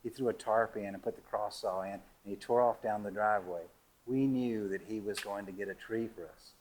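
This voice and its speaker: Older man telling a lively story. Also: brisk, low-quality recording. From Georgia, USA. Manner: lively, laughing, rising high on funny moments. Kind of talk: told personal story.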